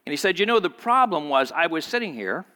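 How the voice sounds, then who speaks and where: A man preaches from the pulpit with a bright, forceful voice, and his words ring out through a long hall echo. He tells his story in a lively way and raises his voice when he quotes the people in it. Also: quick pace. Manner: storytelling, voices quoted speakers with pitch jumps. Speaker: pastor. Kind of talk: sermon.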